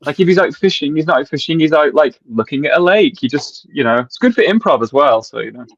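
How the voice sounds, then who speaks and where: A man's voice: on the high side, animated, fast talker, fairly bright tone, dry recording, dull audio. A man chatting casually as a guest, laughing often and talking in fillers and restarts. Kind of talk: casual chat.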